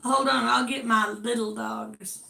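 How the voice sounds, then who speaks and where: Southern woman, chatty drawl, gravel in her voice, echoey room, casual livestream host. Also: a little high, fairly even intonation, unhurried, pushed and bright. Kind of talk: casual chat.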